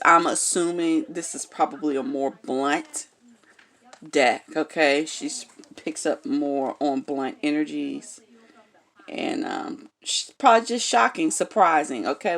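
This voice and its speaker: Low-pitched and full of vocal fry, a woman does a frank, profanity-laced tarot reading for her vlog viewers, repeatedly checking in with them with "okay?"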